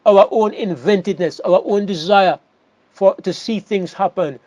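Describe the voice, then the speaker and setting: A man's voice: sits high, moderate pace, a little mellow, no echo, lo-fi sound. A man preaching a sermon, emphatic, often repeating words and restarting phrases.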